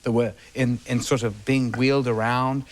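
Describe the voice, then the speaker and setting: A man, a talk show guest telling lively anecdotes and trailing off between phrases. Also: mid-range voice, normal speed, a little hiss or hum. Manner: animated, trails off, acts out the people he quotes. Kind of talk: anecdotal storytelling.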